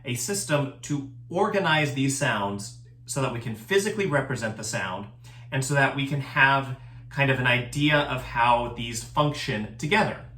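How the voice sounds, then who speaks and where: A man's voice: medium pitch, lively intonation, moderate pace, pushed and bright, reverberant. A man teaching a recorded choir lesson, explaining things patiently and step by step. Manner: patient, step-by-step instruction with sung examples.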